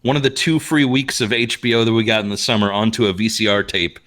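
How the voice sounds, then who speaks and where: Podcast host, thirties, from Minnesota; bright tone, lively storytelling rants. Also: male voice, on the low side, quick pace. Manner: animated, ranting storyteller who laughs often. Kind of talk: casual chat.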